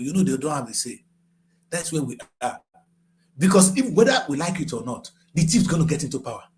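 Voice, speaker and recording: An older man with a Nigerian English accent delivers impassioned political commentary. His voice sits high and leaps all over the place, dropping to a low, grave tone before rising into shouts. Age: 60s.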